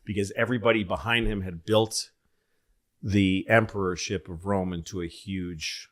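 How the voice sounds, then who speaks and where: A man's voice: low voice, normal speed. A man in a casual chat, rambling through history stories, quoting people and swearing. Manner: rambling, animated history storytelling with quoted voices and profanity.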